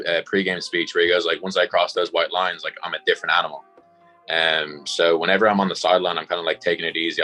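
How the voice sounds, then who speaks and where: A man's voice: low voice, sharp tone, poor audio. A young Irish man from Dublin with a Dublin accent, chatting casually as an interview guest, rambling with lots of fillers. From Ireland. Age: young adult. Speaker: guest, college punter.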